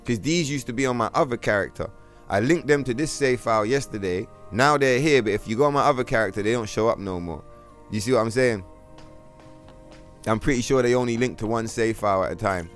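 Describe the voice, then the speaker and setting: A man's voice: mid-range voice, a little fast, faint music behind. A man from London with a London accent, chatting bluntly and profanely as he streams a game, with trollish banter. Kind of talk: casual livestream chat.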